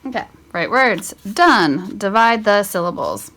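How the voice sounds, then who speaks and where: Slow, chatty woman teaching spelling. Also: mid-range voice, lively intonation, fairly bright tone, a little hiss or hum. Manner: thinking aloud, self-correcting, chatty asides. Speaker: homeschool teacher. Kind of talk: casual spelling lesson walkthrough.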